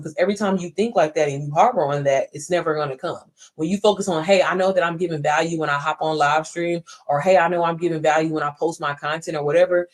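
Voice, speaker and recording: A woman's voice: deep voice, steady tone, fast talker, hardly any pauses. Emphatic woman coaching viewers on livestream. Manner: emphatic, preachy, swearing, talks straight to viewers. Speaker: online business coach. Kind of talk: casual livestream pep talk. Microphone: phone.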